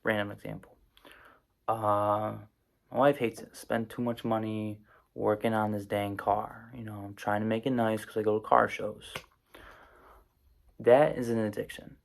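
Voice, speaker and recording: A man's voice: fairly low pitch, level tone, measured pace, gravelly, long pauses. A man giving an informal spoken explainer, casual and rambling, with many fillers and restarts. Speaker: presenter explaining psychoactive drugs.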